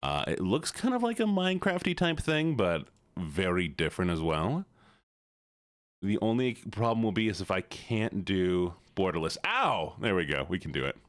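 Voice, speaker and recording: A man's voice: low voice, big pitch swings, moderate pace, no room sound, clean studio sound. A man streaming live, chatting with his viewers in a playful, teasing way.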